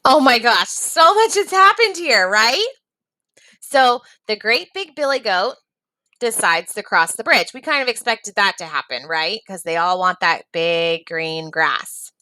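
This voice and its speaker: A woman teaching a reading lesson, pausing to ask the class encouraging questions. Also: medium pitch, animated, pushed and bright, no echo.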